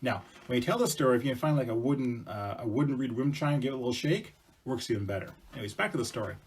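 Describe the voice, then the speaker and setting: A man's voice: medium pitch, quick pace, slightly rough. A man telling a folk tale to a school audience in a casual, chatty way with asides to the listener. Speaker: storyteller presenting to schools. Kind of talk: casual oral storytelling.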